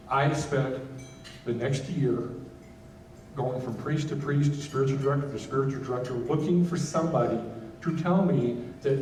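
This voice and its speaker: Man giving a halting testimony in an echoey hall. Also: mid-range voice, darkish tone, far from the mic, a little hiss or hum. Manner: halting, candid, many restarts. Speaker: keynote speaker. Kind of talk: personal testimony speech. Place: gala event hall.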